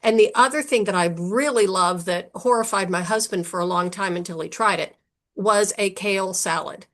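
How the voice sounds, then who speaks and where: Woman host, conversational storyteller, middle pitch, easy chat. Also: moderate pace, a bit bright. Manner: chatty storyteller, many "you know" fillers. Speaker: podcast host. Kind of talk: podcast interview conversation.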